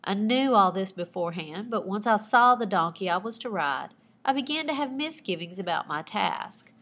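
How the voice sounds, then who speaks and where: A woman teacher reading aloud her own personal narrative with lively expression, pausing to point out the writing techniques she used. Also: medium pitch. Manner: expressive storytelling with asides pointing out figurative language.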